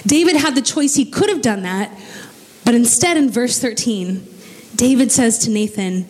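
A woman's voice: fairly high pitch, animated, moderate pace, a little mellow. A woman preacher delivering a sermon, telling the story with casual, joking asides. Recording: long reverb of a large hall.

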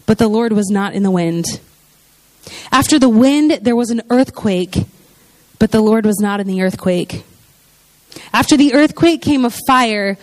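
Casting note: woman preacher, relaxed and talky, slightly high voice, dry close sound. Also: no echo. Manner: chatty, full of "you know" and "like" asides. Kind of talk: conversational sermon.

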